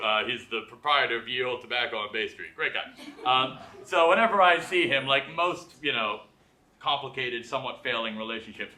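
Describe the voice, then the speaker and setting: A man's voice: mid-range voice, sharp tone, a little hiss or hum. A man hosting a live late-night show, giving a self-deprecating stand-up monologue and acting out voices. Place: live theater with audience. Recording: echoey live theater.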